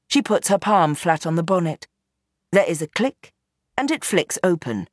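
A woman narrating an audiobook in a steady, measured storytelling manner. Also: fairly low pitch, slightly rough, no echo, studio quality.

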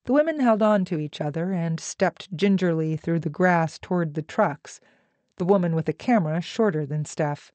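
A woman narrating a novel in a slow, measured, even reading voice. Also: fairly low pitch, dry recording. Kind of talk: audiobook narration.

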